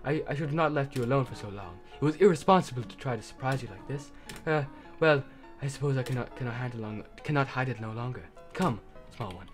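A man's voice: medium pitch, expressive, fast, soft background music, natural voice. Man doing a doting motherly goat monster lady. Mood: tender. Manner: soft, kindly, doting, speaks in an accent. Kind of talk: reading game dialogue aloud.

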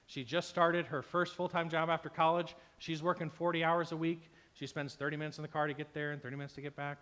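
A pastor preaches a sermon emphatically, acting out imagined complaints in quoted voices, yet he sounds a little unwell and tired, with a stomach ache. His fairly high, somewhat bright voice is level in tone and fast.

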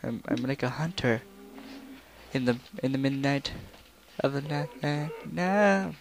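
A man's voice: medium pitch, measured pace. Rambling young man narrating his game. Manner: rambling, breaks into song snippets. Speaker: let's player. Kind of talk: casual gameplay commentary.

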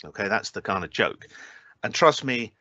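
A low-pitched man with a bright, forceful edge gives an online academic talk, pausing often on filler sounds and slipping in dry jokes. The sound is dry and close, a little muffled. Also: expressive, no room sound. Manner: hesitant, many filler sounds and restarts, dry humour. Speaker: invited speaker at a scientific symposium.

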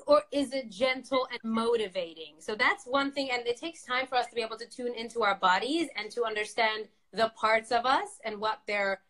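Soft-spoken woman therapist explaining slowly. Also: sits high. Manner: thoughtful, explains slowly with many fillers. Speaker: therapist guest. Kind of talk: casual live-stream conversation.

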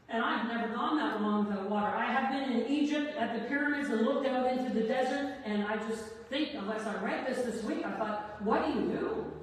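A woman pastor preaching a sermon, telling humorous stories and acting out the voices of the people in them. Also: a little high. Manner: storytelling with jokes, acting out quoted voices. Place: church sanctuary. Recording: echoey church hall from far off.

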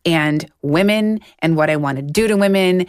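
Lower-voiced woman in her 40s, podcast cohost, fired up and blunt, dry close mic. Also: normal speed, smooth, no room sound. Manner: animated storytelling, heated and frank. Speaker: podcast co-host. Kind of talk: casual chat.

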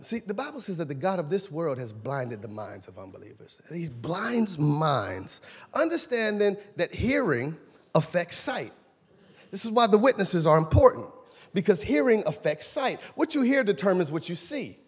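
A man pastor preaching a sermon in a church, animated and conversational, questioning his congregation. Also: high-pitched, normal speed, breathy edge. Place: church sanctuary. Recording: long church hall reverb.

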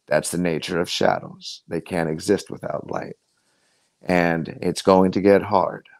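A man's voice: low voice, measured pace, gravelly, a little mellow, no room sound. A man voicing a stern, commanding father. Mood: solemn. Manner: solemn, commanding. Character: stern, visionary father lecturing his son.

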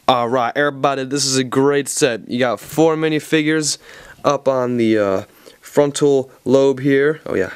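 A man's voice: mid-range voice, moderate pace, clear, resonant tone, no echo, studio quality. A man with a Southern American accent, reviewing a toy set in a rambling, jokey, playful way. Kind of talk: casual video review.

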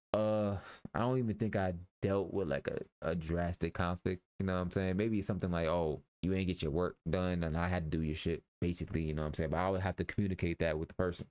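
Low-voiced man joking through a game. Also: a little mellow, no room sound. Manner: loose, joking, slangy asides with swearing. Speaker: gaming YouTuber. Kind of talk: casual let's-play commentary reading game text aloud.

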